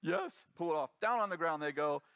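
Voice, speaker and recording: A man's voice: on the high side, fast talker, a bit bright, clear, resonant tone, no room sound, studio quality. A middle-aged man preaching as a pastor, telling a story with animation and acting out the voices of the people in it. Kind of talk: sermon storytelling.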